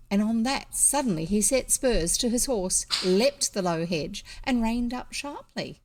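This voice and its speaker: A woman with a New Zealand accent reading a classic children's novel aloud in a relaxed way, with small asides and restarts. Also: medium pitch, measured pace, few pauses, slight background noise. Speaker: audiobook reader.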